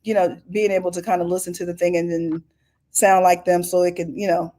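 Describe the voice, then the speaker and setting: A woman's voice: lowish voice, brisk. A middle-aged woman from Oakland, California, chatting as a singer guest in an interview, telling stories with many fillers. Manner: lively storyteller, many fillers. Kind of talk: casual interview chat.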